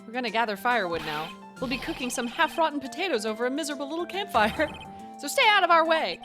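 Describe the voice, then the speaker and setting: A brash, whiny young slacker, voiced by a woman with a lively, swinging delivery that sounds defensive. Game music plays clearly under him. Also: high-pitched, fast, pitched above the performer's own voice. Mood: sulky. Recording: game music playing behind.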